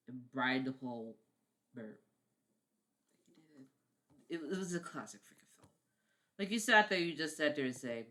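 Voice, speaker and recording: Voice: mid-range voice, expressive, moderate pace, long pauses, pushed and bright. A vlogger ranting casually about favorite films, rambling, repeating words, swearing and often apologizing. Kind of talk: casual film-review vlog.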